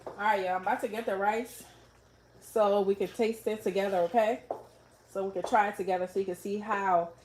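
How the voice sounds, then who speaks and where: A woman's voice: mid-range voice, fairly even intonation, a little fast. Woman cooking live in her kitchen, chatty, talks right to the viewers, bit of faint noise behind. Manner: chatty, talks straight to viewers, reads out comments. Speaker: cooking livestream host. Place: home kitchen.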